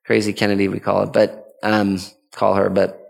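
A man's voice: fairly low pitch, monotone, normal speed, vocal fry, darkish tone, in a large hall. A man giving an earnest, conversational teaching talk on parenting as a father, often restarting his sentences. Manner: earnest, rambling with frequent restarts.

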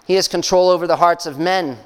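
A man preaching a sermon as pastor, speaking conversationally with fillers and soft laughs. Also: sits high, a little fast, clear, resonant tone. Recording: long hall reverb.

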